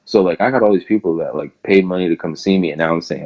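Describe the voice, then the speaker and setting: Young male interview guest, deep low voice, loose rambling delivery heavy on "like". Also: fast talker, a little mellow, husky, rough recording. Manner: rambling, fills nearly every phrase with "like". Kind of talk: casual interview storytelling.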